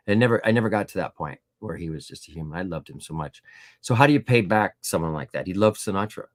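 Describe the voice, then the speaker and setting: A middle-aged man sits as a guest in an interview, telling stories in a relaxed, rambling way. His voice sits low, and he fills it out with little voiced impressions and plenty of fillers. The sound is dry and close, with no room around it. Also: fast talker, no room sound. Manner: animated anecdotes with voiced quotes and frequent fillers. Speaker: guest author. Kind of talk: casual storytelling interview.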